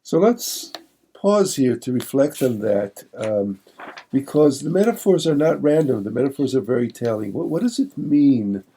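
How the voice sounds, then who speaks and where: A rabbi giving a Torah teaching in a very dark, mellow voice at a middle pitch. He rattles off verses, then slows down to explain them with many pauses and fillers, asking the listener questions as he goes. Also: expressive, a little hiss or hum. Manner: reads Hebrew verses quickly, then translates slowly with many fillers; reflective, poses questions to the listener.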